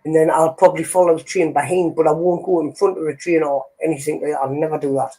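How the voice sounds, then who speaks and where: Brief: man, husky and warm, who talks steadily through a story. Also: on the high side, fast talker. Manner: steady, quotes conversations with "I says". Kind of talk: casual chat.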